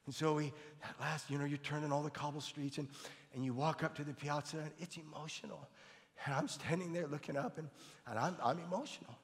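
Older man, pastor, earnest storytelling, slightly high voice, long reverb. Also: fairly even intonation, fairly quick. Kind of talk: storytelling sermon.

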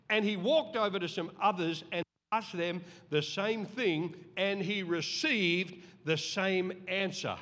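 A middle-aged man preaching a sermon as pastor, animated and acting out voices in the story. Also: high voice, slow pace, hardly any pauses. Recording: long reverb of a large hall.

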